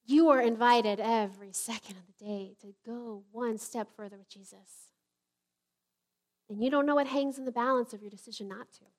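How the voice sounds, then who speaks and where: A woman's voice: on the high side, normal speed. A woman pastor giving a conversational, emphatic sermon in a church, with jokey asides. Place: church sanctuary.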